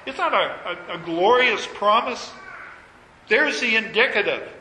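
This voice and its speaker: A man preaching a sermon, reading scripture aloud and rising to emphatic, high-pitched peaks on key phrases. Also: lively intonation, unhurried, pushed and bright, slight background noise. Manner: reads scripture in King James wording, builds to emphatic high peaks. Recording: echoey hall with long reverb, faint ambience.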